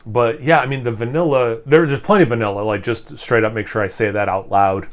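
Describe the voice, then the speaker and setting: A man at an ordinary middle pitch talks through a beer tasting in a loose, excited ramble. He pauses to sip and savor, circling back with fillers and restarts as the flavors hit him. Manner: speaking while sipping and savoring. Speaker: beer reviewer. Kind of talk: casual tasting review.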